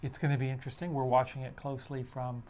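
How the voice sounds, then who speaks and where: A man co-hosting a casual discussion podcast, talking in halting runs full of restarts as he builds a point. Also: medium pitch, little pitch movement, a little mellow, a little hiss or hum. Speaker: podcast co-host.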